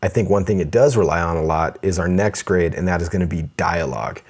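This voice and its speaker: A man with a very low voice co-hosts a podcast in relaxed movie-review chat. He steers the conversation through the grades and trips over his words now and then, backing up to restart. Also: fast. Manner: leads the grading, stumbles and restarts phrases. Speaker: podcast co-host.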